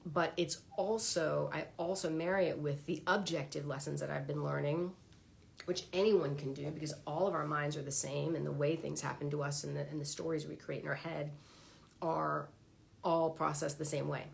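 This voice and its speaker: A woman talking casually on a livestream about her own therapy experience, chatty and animated, acting out her inner dialogue. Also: low voice, normal speed, creaky, slight background noise. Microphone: phone or webcam on a livestream.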